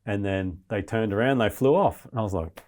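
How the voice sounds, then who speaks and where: Speaking a little fast in a lowish, darkish voice, a man appears as a podcast guest and restlessly retells a survival ordeal. His storytelling is casual and he swears constantly.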